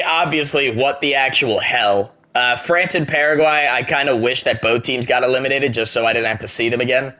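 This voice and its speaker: A young American man streaming a game, joking, reacting out loud and chatting casually with his viewers. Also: medium pitch. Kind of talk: casual chat while gaming.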